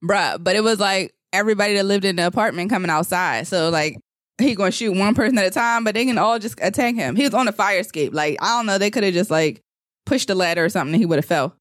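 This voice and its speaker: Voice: medium pitch, quick pace, a bit bright, no room sound, clean studio sound. A podcast co-host in casual chat, retelling a movie scene by scene, acting out the lines and laughing often.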